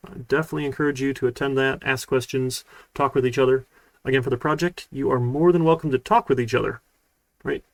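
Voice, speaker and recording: A college programming instructor gives a casual live-streamed lecture, relaxed and rambling, full of fillers. He talks fast in a mid-range voice, with no echo.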